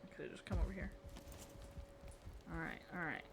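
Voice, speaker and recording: A woman's voice: sits low, lively intonation, moderate pace, creaky, background noise. A woman streamer chatting casually with her viewers and talking to herself as she builds in a game, playful and rambling. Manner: chatty, talks to herself and chat, playful muttering.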